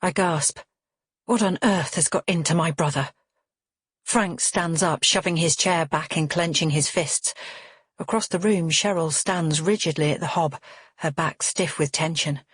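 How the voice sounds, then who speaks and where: A woman narrates an audiobook in first person, steady and measured. Her voice is lowish and husky, recorded close and dry. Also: no echo.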